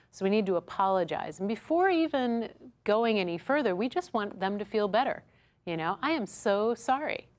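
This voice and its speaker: A woman instructor teaching a workshop lesson to a small audience. She acts out customer dialogues as she goes and keeps checking in with "right?". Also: mid-range voice. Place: studio classroom with a small audience.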